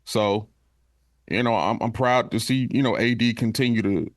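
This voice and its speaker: Halting, repetitive man on a dry mic. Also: mid-range voice, dry recording. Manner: halting, repeats words, relaxed slang. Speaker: podcast co-host. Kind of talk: casual sports podcast chat.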